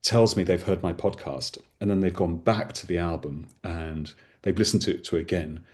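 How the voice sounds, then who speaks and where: Deep-voiced man telling stories enthusiastically. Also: steady tone, normal speed, darkish tone. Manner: expansive, enthusiastic storyteller. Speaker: podcast host as guest. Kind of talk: casual conversation.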